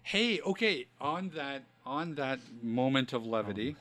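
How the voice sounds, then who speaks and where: A man co-hosting a casual podcast, talking in an earnest, relaxed way full of filler phrases. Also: mid-range voice, unhurried. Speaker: podcast co-host. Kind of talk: casual chat.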